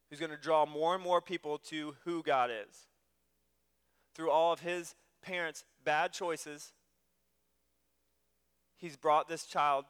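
A man's voice: a little high, a bit bright, clean tone, big-room sound. A man preaching a sermon as pastor, in a conversational way, often repeating and restarting his words.

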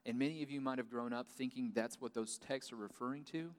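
A man delivers a sermon in a relaxed, chatty manner, dropping in casual asides as he explains. His voice sits at an ordinary middle pitch. The sound carries a long reverb from a large hall. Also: fairly quick. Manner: conversational preaching with casual asides. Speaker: pastor.

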